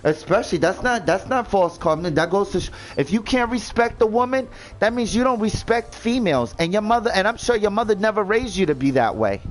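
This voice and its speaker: A man's voice: high-pitched, expressive, a little fast, hardly any pauses, low-quality recording. A man ranting indignantly in casual commentary, swearing and repeating himself as he stumbles over words. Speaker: gaming vlogger.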